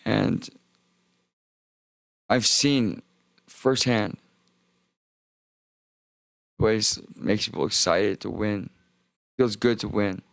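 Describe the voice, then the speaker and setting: A young man streaming a rambling, profane monologue with heavy vocal fry, often stopping and restarting mid-sentence. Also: on the low side, very slow, long pauses, dry recording. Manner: rambling, profane, self-interrupting.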